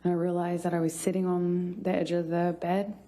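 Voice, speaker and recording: Woman, trial witness, low and dark-toned, very slow and halting delivery, courtroom mic. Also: level tone. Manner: halting, with many restarts and pauses. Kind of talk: courtroom testimony.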